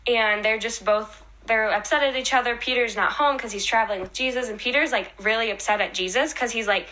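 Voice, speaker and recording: Bright-voiced young woman, eager storyteller. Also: a little high, a little fast, few pauses. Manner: enthusiastic, retells scenes with many fillers. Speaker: podcast co-host. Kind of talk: casual faith chat.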